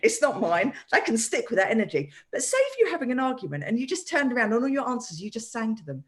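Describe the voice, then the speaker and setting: A woman co-hosting a relaxed therapy talk, animated and playful, trailing off and restarting as she thinks aloud. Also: a little high, fast talker. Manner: animated, playful, breaks into sung and whispered asides. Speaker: co-host, therapist. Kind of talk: casual therapy chat.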